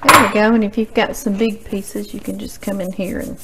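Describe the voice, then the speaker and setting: A woman's voice: medium pitch, steady tone, normal speed, heavy background noise. A woman hosting a home cooking demonstration, chatty and folksy, talking straight to her viewers. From Louisiana. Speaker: cooking show host. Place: home kitchen.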